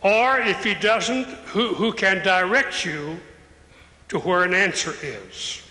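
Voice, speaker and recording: A man's voice: sits high, lively intonation, slow, pushed and bright. An older man preaching an impassioned sermon as an evangelist at a live church service, building to raised calls. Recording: echoey hall with long reverb.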